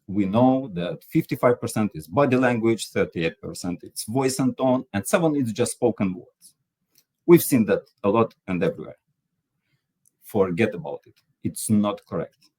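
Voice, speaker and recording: Husky low-voiced man giving a training talk. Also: darkish tone. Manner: explanatory, pauses with fillers. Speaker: workshop speaker.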